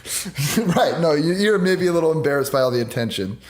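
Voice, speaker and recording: A man's voice: fairly high pitch, animated, fast. A man co-hosting a podcast, chatting casually and eagerly building silly hypothetical stories. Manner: enthusiastic, spins out joking hypotheticals. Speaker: podcast co-host. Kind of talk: casual comedic chat.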